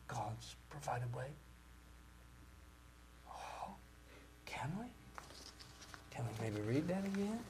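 A man preaching a sermon with great passion, rising to loud cries and dropping to near-whispers. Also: mid-range voice, very animated, slow, vocal fry, pauses often, a little hiss or hum. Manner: impassioned, swings from shouting to near-whispers.

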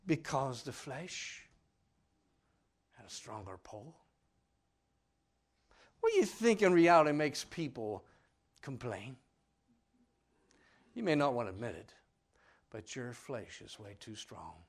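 A man preaching a sermon, swinging between loud cries and hushed lines and acting out the people in his story. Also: medium pitch, animated, slow pace, long pauses. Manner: acts out voices of the people in the story.

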